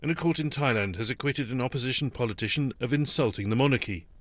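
A man reads the news in a measured, formal cadence. His voice sits at an ordinary middle pitch. The studio sound is dry, with no room around it. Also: no room sound. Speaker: newsreader. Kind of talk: radio news bulletin. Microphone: studio microphone.

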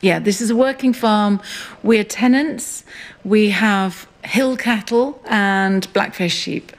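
A middle-aged woman, a farmer and writer, recalling events slowly and reflectively in a radio interview, recorded outdoors on a hill farm. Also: mid-range voice. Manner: slow, reflective storytelling.

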